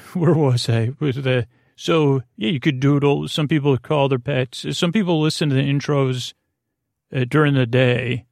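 A man's voice: mid-range voice, gravelly, a little mellow, no room sound, clean studio sound. A man hosting a sleep podcast, rambling through a meandering bedtime monologue with goofy asides.

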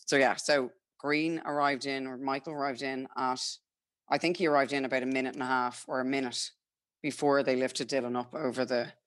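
A young Irish woman chatting casually, telling a story with lively acted-out quotes and frequent laughs. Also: rumbling low, brisk. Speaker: podcast guest telling a birth story. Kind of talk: casual chat.

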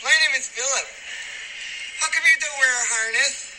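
A man's voice: extremely high pitch, moderate pace, full character voice, rough recording. An actor playing a hyperactive little boy in a helmet, chirpy and childlike, heard from a sketch clip. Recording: clip played with loud background ambience.

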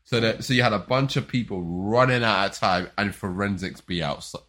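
A man's voice: on the low side, normal speed, fairly bright tone. A man chatting casually, telling a rambling story with frequent stammers and restarts. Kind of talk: casual chat.

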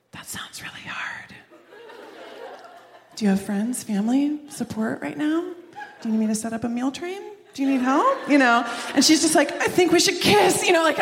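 A woman doing a stand-up comedy set on stage in a large theater, talking in a rambling, chatty way full of "like" and "you know". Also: fairly high pitch. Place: large live theater hall with audience. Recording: echoey live hall with long reverb.

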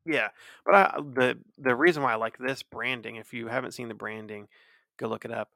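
This podcast co-host, a man in his thirties, chats casually and rambles with many fillers and restarts. His mid-range voice is fairly even and fairly quick, creaky, bright, and forceful. The studio sound is clean with no echo.

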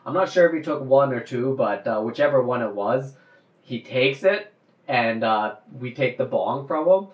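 A man telling a story in casual chat, getting animated and loudly acting out the people he quotes. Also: mid-range voice, moderate pace. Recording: roomy, dull lo-fi sound.

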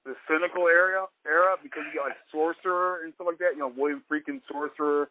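A man's voice: on the high side, steady tone, fast, dry recording. A man on a podcast talking casually about old films in a rambling, profane, opinionated way. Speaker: podcast co-host. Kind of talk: casual film chat. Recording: dry tinny phone-like line.

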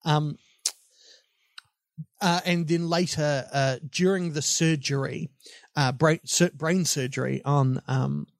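A man's voice: on the high side, steady tone, slow pace, vocal fry, pauses often, dry recording. Chatty podcast man, dry close sound. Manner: rambling, self-mocking, lots of fillers. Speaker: podcast co-host. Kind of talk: casual film discussion.

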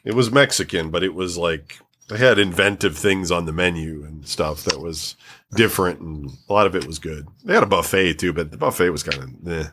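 A middle-aged man in relaxed, rambling casual chat, swearing now and then. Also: low voice, fairly quick, slightly rough.

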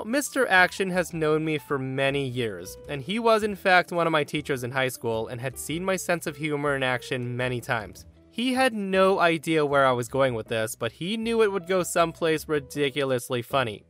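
A man hosting a podcast, reading a story aloud in a playful, animated way. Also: on the high side, moderate pace, faint music behind. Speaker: podcast host.

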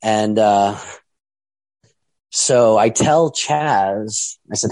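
A man's voice: fairly low pitch, drawn-out words, pauses often, a little mellow, no room sound. Rambling middle-aged man telling wrestling stories. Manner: rambling, acts out quoted voices. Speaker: wrestling promoter and trainer. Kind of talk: casual storytelling monologue.

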